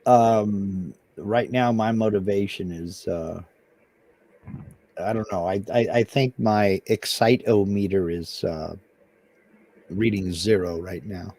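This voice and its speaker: A man's voice: on the low side, steady tone, slow, darkish tone. A man co-hosting a live stream, chatting in a dry, laid-back way and reading viewer comments aloud. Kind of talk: casual live stream chat.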